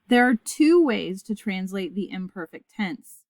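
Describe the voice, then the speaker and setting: A woman gives a Latin grammar lesson in a clear, deliberate voice, spelling out each form slowly enough to repeat back. Her voice sits in a middle register for a woman. The sound is dry and close, with no room around it. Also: medium pitch, very animated, darkish tone, no room sound. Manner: clear, deliberate, recites forms aloud for listeners to repeat. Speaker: Latin teacher. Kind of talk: scripted lesson narration.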